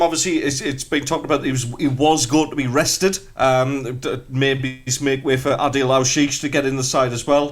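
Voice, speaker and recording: North East English male pundit, chatty and rambling, everyday mid voice. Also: mid-range voice. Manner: chatty, frequent fillers and restarts. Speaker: football pundit. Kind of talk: casual radio chat.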